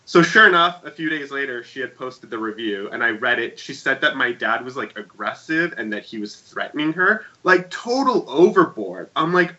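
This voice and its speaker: A man co-hosting a podcast, chatting casually and telling a story with animated swings between loud and quiet. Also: mid-range voice, normal speed, hardly any pauses, highs cut off. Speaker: podcast co-host. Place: home room with shelves.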